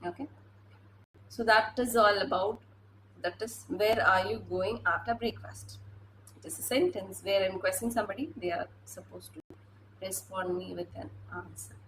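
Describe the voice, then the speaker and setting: A woman's voice: mid-range voice, normal speed, a little hiss or hum, poor audio. A woman teacher giving a classroom lecture, hesitant, with many fillers and restarts.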